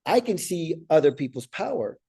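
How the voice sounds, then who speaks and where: An earnest middle-aged man talks through a motivational coaching session, stumbling over and repeating words and asking "right?" as he goes. His voice sits a little high for a man, with a warm, mellow tone. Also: very animated, normal speed, slightly rough. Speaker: life coach.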